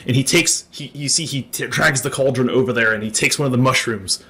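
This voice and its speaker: A man narrating a tabletop role-playing game as game master, laughing often in relaxed storytelling. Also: mid-range voice, brisk.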